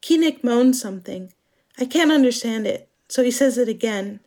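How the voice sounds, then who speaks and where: A woman from Germany performing a scripted dramatic monologue as narrator, speaking in a slow, measured, introspective way. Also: fairly high pitch, expressive, a little mellow.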